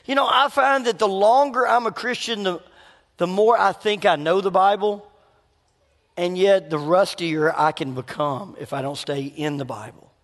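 A male pastor preaching a sermon in an animated way, laughing and acting out conversations. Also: sits high, moderate pace. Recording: long hall reverb.

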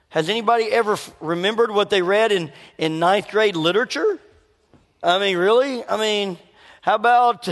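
A male pastor preaching a sermon in an animated way, laughing and acting out conversations. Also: sits high. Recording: long hall reverb.

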